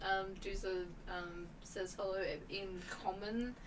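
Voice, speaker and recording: A woman's voice: medium pitch, steady tone, slow, recorded from a distance, a little hiss or hum, low-quality recording. A woman playing a tabletop game, giggly and hesitant as she talks. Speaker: player. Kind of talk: casual tabletop play.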